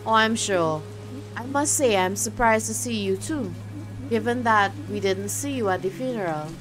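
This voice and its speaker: A woman's voice: medium pitch, moderate pace, close to an everyday voice, low-quality recording. A woman reading the lines of a bitter older sister in mourning in a game, cold and cutting. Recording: game music behind.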